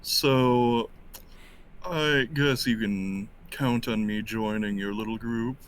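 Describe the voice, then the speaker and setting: A man's voice: mid-range voice, slow, smooth, lightly acted. A man voicing a self-important adventurer who appraises gems and brags about his standing. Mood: boastful. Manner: self-important, name-dropping. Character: boastful male gem-appraising adventurer.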